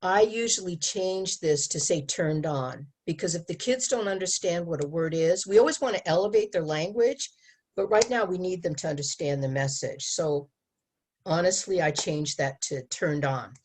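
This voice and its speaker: A woman educator giving an animated talk to an audience, acting out quoted lines and laughing often. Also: lowish voice, normal speed, slight background noise. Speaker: abstinence educator. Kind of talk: presentation to an audience.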